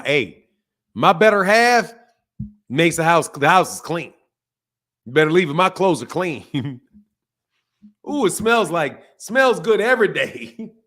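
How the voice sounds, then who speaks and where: A man's voice: on the high side, a bit bright. A man hosting a boxing channel who chats loosely and jokes with his viewers, using plenty of slang and laughing often. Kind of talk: casual livestream chat.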